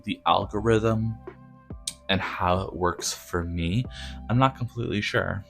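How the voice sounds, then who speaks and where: A man with a low, gravelly voice that sounds a little nasal. He rambles casually to camera in a personal vlog, full of fillers and restarts, with soft music playing faintly behind him. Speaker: artist vlogger.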